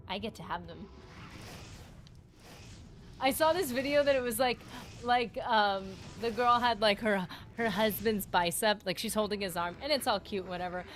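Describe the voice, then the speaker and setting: A woman's voice: medium pitch, a little slow, long pauses, a little hiss or hum. A woman livestreaming a video game, chatting with her viewers in a giggly, rambling and playful way, teasing them and her partner. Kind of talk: casual gaming livestream chat.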